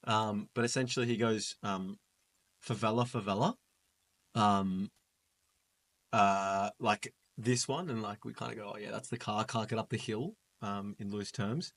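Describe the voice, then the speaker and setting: A man's voice: fairly low pitch, a little slow. Laid-back man telling a travel story. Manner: animated, laughing storyteller acting out voices. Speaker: guest. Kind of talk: casual storytelling chat. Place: indoors, holiday flat.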